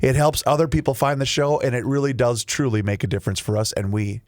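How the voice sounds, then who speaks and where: A man's voice: medium pitch, steady tone, quick pace, no room sound. A man co-hosting a podcast, making wry, polite quips in casual banter. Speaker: podcast co-host.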